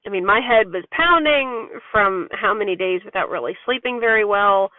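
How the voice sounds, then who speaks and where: A woman's voice: medium pitch, animated, moderate pace, no echo. Frank woman vlogging over a tinny line. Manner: frank, rambling, chatty with frequent fillers. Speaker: parent vlogger. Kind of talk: candid personal vlog monologue. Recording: tinny phone-like dry sound.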